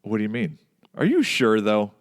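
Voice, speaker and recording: A middle-aged man with a fairly low voice tells stories on a casual podcast. He gets animated, jumping much higher when he mimics people shouting. His talk is chatty and keeps checking in with his co-host. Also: normal speed. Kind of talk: casual chat.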